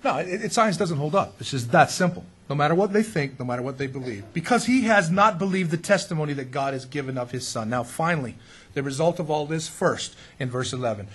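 Husky, animated middle-aged preacher. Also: male voice, a little high, brisk. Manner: animated, sarcastic, folksy, rising to indignant outbursts. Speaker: pastor. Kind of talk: sermon.

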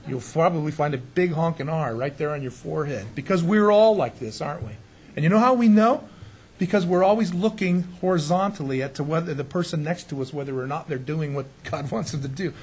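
A man's voice: sits high, slightly rough. A man preaching as a pastor in a conversational sermon, often asking his congregation rhetorical questions and chuckling now and then.

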